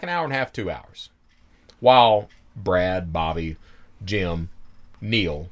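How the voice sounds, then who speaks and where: A man hosting a podcast, telling his own story in an animated, profane, chuckling way. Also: mid-range voice. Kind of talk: casual storytelling.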